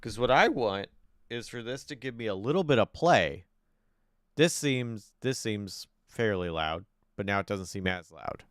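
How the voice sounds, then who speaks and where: A man's voice: on the low side, lively intonation, unhurried, fairly bright tone, smooth, dry recording, studio quality. A man live-streaming from home, thinking aloud in casual chat while he fiddles with his desk microphone settings and gets frustrated.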